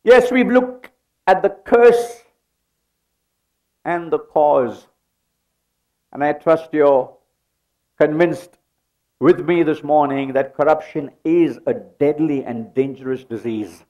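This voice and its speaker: A man's voice: a little high, animated, takes it slowly, long pauses, a little mellow, lo-fi sound. A middle-aged man preaching a sermon in a church, leading the congregation in call-and-response. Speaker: pastor.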